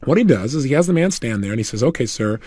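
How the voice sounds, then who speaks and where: A man's voice: mid-range voice, racing, no echo, studio quality. A man giving a motivational talk as an audio program, telling a story and acting out the people in it. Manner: animated storytelling, acts out quoted people. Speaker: motivational speaker.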